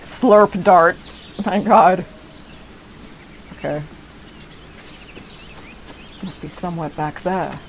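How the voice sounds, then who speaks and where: Woman in her thirties, game streamer, muttering to herself, lowish voice, outdoor game ambience behind. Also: drawn-out words, pauses often, noisy background. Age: 30s. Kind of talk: casual gameplay commentary.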